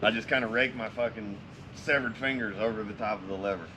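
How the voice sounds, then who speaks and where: A man's voice: on the low side, fast talker, sharp tone, slight background noise. A man casually telling a story to friends, swearing constantly in a laid-back drawl.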